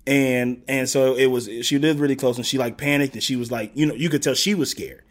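A man's voice: mid-range voice, fairly quick. A man in his thirties from the Gulf Coast South, telling stories as a podcast guest and acting out what people said. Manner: animated storyteller, acts out quotes. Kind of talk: casual storytelling interview.

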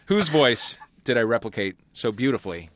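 A man hosting a comedy panel quiz, joking in quick asides and laughing at his own lines. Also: mid-range voice, lively intonation, background noise. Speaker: quiz host.

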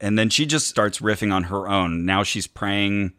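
A man's voice: lowish voice, steady tone, normal speed, fairly bright tone, clear, resonant tone, dry recording, clean studio sound. A man co-hosting a podcast, telling a wry story of an event and sometimes mimicking the people he quotes. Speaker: podcast co-host. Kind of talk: casual chat recounting an event.

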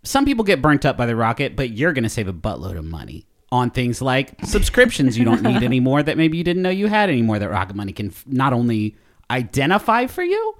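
A man's voice: mid-range voice, fast talker. Silly guy podcast host, goofy jokes, voice bounces all over. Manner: goofy, joking, animated. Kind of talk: playful casual chat and ad read.

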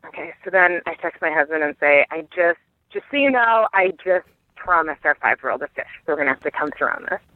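A woman's voice: fairly low pitch, no echo. Woman ranting over a tinny phone line. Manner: rambling, self-mocking, breaks into laughter. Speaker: caller sharing a parenting story. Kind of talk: recorded phone rant.

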